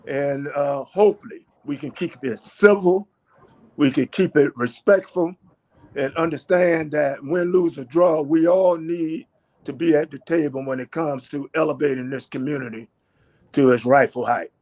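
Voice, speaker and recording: A man speaking at a candidates' forum in a measured, conciliatory way. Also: a little high, a little mellow. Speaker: political candidate. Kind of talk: forum speech.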